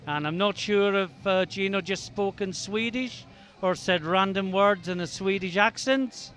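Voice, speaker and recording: A man giving calm, measured live commentary on a powerlifting competition. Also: high voice.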